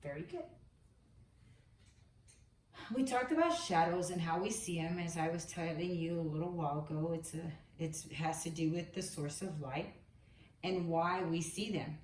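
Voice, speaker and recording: A woman's voice: fairly low pitch, a little mellow, far from the mic, a little hiss or hum. A woman teaching a preschool lesson to young children, patiently sounding out letters and words. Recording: echoey room, voice away from the mic.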